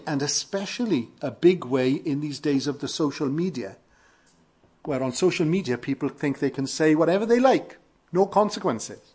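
A man from Wales with a Welsh accent, preaching an earnest sermon with emphatic rises and quiet falls. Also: mid-range voice, husky. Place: church in London.

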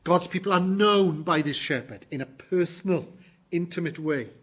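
A man delivers a sermon, his voice sitting a little high and carrying a husky edge. He preaches earnestly and emphatically, slowing down to weigh each stressed phrase for his congregation. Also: fairly bright tone. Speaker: pastor.

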